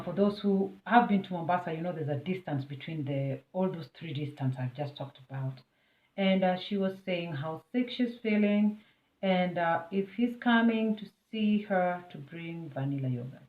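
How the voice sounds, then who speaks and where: A woman's voice: on the low side, normal speed. Kenyan woman vlogger, storytime delivery, emphatic and chatty, addresses the viewer directly; phone-like sound. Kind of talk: storytime vlog. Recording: tinny, phone-like and roomy.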